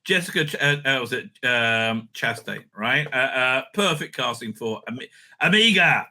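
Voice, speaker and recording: A man's voice: mid-range voice, expressive, normal speed, pushed and bright. A man giving a casual, rambling episode recap and review, full of fillers and crude jokes.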